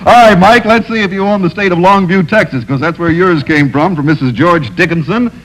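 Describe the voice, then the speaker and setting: A man hosting a 1960s television game show, briskly announcing scores and players. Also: sits high, fairly bright tone. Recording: noisy 1960s broadcast audio.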